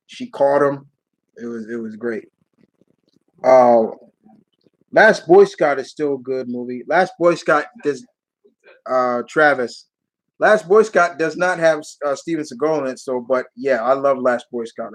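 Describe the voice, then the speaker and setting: A man's voice: medium pitch, rough recording. A man hosting a live Q&A stream, answering viewer questions in a rambling, casual way and laughing as he retells movie scenes.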